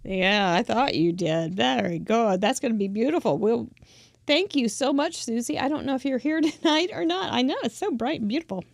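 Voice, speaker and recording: A woman hosts a craft show in a casual, gushing chat full of little laughs. Her voice sits a bit high and carries a gravelly fry. The sound is dry and close, with no room around it. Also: lively intonation, normal speed, no echo. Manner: chatty and effusive, laughing often.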